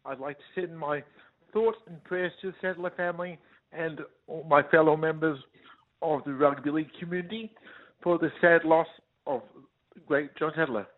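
A high-voiced caller from Victoria speaks in a solemn, formal way. His voice comes through a tinny phone line. He sounds earnest as he calls in to a sports radio show. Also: fairly even intonation, moderate pace. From Victoria, Australia. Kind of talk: earnest call-in tribute. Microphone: telephone.

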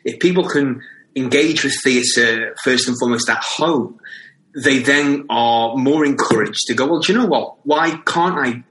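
A man with a Scouse accent chatting in an interview, bright and forward in tone. He stumbles and repeats words while gathering his thoughts. The sound is echoey, as if in a bare room. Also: mid-range voice, slight background noise. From England. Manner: halting, repeats words as he thinks. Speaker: theatre company guest. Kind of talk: casual interview chat.

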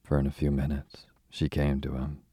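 Very deep, husky male storyteller. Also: monotone, moderate pace, warm tone, dry recording, studio quality. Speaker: audiobook narrator. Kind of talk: storybook narration.

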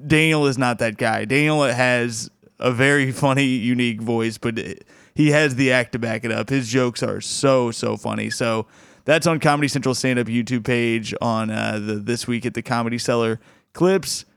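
A man hosting a comedy podcast in a relaxed, chatty way, chuckling often between thoughts. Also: mid-range voice, normal speed, creaky, clear, resonant tone, no echo, studio quality. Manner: laid-back, chuckles often, restarts. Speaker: podcast host. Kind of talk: casual podcast chat.

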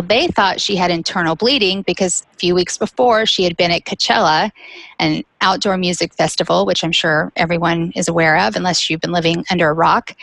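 A woman shares her story as a guest in a low, gravelly voice. She speaks candidly and lets small laughs slip between the heavy moments. The sound is dry and close. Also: fairly bright tone, no room sound, low-quality recording. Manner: candid, with light laughs between serious points. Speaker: guest, cancer caregiver. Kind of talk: personal storytelling.

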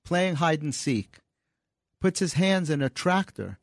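A man's voice: on the high side, lively intonation, takes it slowly, no echo. Guy being interviewed on the radio, earnest storytelling, dry close studio mic. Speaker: guest, comedy writer and author. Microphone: studio microphone.

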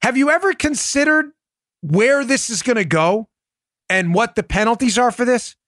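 A man's voice: very high-pitched, expressive, moderate pace, a bit bright, dry recording, studio quality. A man hosting a political commentary show, talking in an emphatic, mocking, sarcastic way. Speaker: podcast host.

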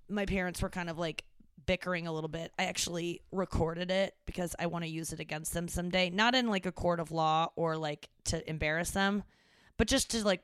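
A young woman hosting a podcast, telling a story in an animated, exasperated way and swearing now and then. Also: on the low side, clean tone, no room sound, studio quality. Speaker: podcast host. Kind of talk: casual monologue. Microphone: studio mic into a mixing board.

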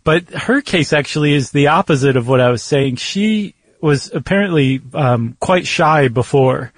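Man, casual podcast chat, playful, somewhat high pitch, dry close sound. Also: expressive, moderate pace, no echo. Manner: chatty, playful, puts on silly accents. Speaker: podcast co-host.

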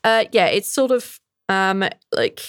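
A woman's voice: medium pitch, sing-song, takes it slowly, clean tone, no room sound, studio quality. A woman running a tabletop game, explaining with many fillers and hesitations. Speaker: game master.

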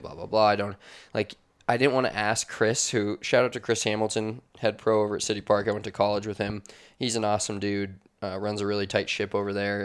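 A young man co-hosting a golf podcast, reading sponsor spots and telling stories in energetic, casual chat. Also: fairly low pitch, clean tone. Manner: energetic, chatty storyteller who swears. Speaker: podcast co-host.

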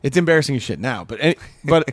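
A man's voice: medium pitch, animated, racing, dry recording. A young man from Kansas, a comedian, telling rambling stories in casual podcast chat and acting out the people he quotes. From Kansas, USA. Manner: rambling storytelling, acts out quotes. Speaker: comedian guest.

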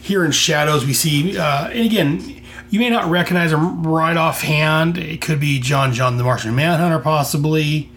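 A man's voice: a little high, moderate pace, a bit bright. An American man hosting a podcast, talking through a comic enthusiastically with lots of rambling and restarts. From United States. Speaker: podcast host reviewing comics. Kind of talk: casual solo commentary.

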